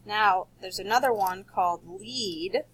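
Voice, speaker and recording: Woman teacher, recorded kids' spelling lesson; slow, patient delivery with a husky edge. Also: mid-range voice, a bit bright, low-quality recording. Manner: patient, explains slowly and repeats words.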